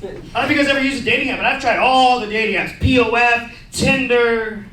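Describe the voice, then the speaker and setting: High-voiced profane man doing stand-up. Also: fast, sharp tone. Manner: casual, profane, lots of "bro" and "man". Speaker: stand-up comedian. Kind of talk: stand-up comedy set. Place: comedy club stage. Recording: echoey club heard from a distance. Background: laughing audience.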